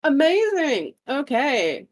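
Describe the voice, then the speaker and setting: A woman, game master of a tabletop game, brisk and chatty in her narration. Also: high-pitched, huge pitch swings, no echo.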